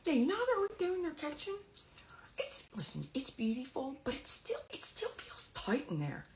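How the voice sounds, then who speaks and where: Woman putting on a chatty philly-suburbs lady, delco accent, drawly vowels, high and swingy, echoey room. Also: huge pitch swings, normal speed, a little hiss or hum, exaggerated voice. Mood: gossipy. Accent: Delaware County Philadelphia.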